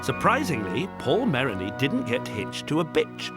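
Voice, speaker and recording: Guy doing wry documentary voiceover with music under it, lively up and down delivery. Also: medium pitch, normal speed. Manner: wry, playful. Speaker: documentary narrator. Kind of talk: scripted narration.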